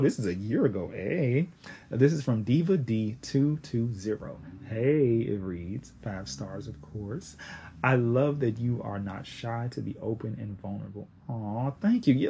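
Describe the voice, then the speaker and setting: A young man in his late twenties hosting a podcast, chatting casually in a slangy, animated way with sudden high exclamations. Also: gravelly, slight background noise. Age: 20s; young adult. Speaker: podcast host.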